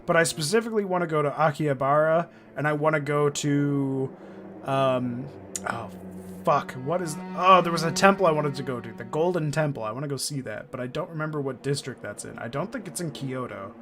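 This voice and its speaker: A man's voice: fairly high pitch, brisk, over music. A man from Indiana chatting casually over a game playthrough, rambling and joking with frequent swearing. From Indiana, USA. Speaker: gaming streamer. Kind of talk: casual let's-play commentary.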